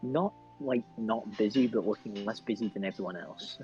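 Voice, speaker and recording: A man's voice: on the low side, normal speed, warm tone. A man playing in a tabletop game, rambling and repeating himself. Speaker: player. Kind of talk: casual chat during a tabletop game. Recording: dull lo-fi audio with background music.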